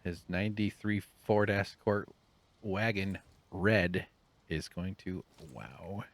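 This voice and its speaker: Low-voiced man muttering over gameplay. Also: takes it slowly. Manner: muttering to himself, jokey asides, hums and whispers. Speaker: gaming channel host. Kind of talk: relaxed rambling gameplay commentary.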